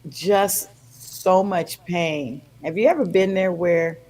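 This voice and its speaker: A woman's voice: fairly low pitch, takes it slowly, poor audio. An older woman guest on a podcast, telling a personal story with feeling and acting out the voices in it. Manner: animated, acts out quoted voices.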